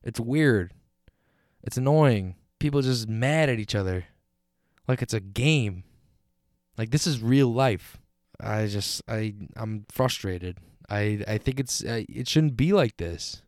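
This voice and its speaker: Young american dude ranting on his podcast, kinda low voice, lots of swearing and false starts, dead dry mic. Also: unhurried, a little mellow, clear, resonant tone, no room sound. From United States. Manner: frustrated, rambling, swears, many restarts. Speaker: podcast host. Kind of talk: solo rant.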